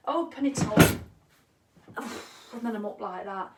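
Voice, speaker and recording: Against a noisy background, a middle-aged wellness coach speaks unhurriedly in a fairly high voice during a casual live-stream chat. Animated and talkative, she reads out comments from her viewers.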